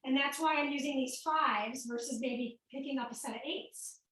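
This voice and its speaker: A high-pitched Midwestern woman leads a workout class, upbeat and a bit out of breath as she calls out each move. She sounds set back from the mic, and the room around her rings a little. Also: moderate pace, a bit bright, heavy reverb, far from the mic, rough recording. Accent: American Midwestern. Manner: upbeat, cueing moves while exercising. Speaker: fitness instructor. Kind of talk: coaching a home workout class.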